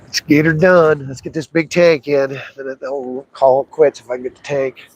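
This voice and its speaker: A man's voice: mid-range voice, level tone, moderate pace, highs cut off, slight background noise. Chatty man narrating his fishing. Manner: chatty, talks to himself and the fish. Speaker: fishing livestreamer. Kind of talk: casual live commentary while fishing. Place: outdoors by a river.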